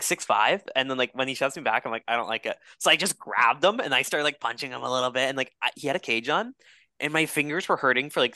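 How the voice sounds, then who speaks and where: Fast-talking bright young man telling a story. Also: medium pitch, dry recording, studio quality. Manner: animated storyteller, swears a lot. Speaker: podcast co-host. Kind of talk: casual chat, storytelling.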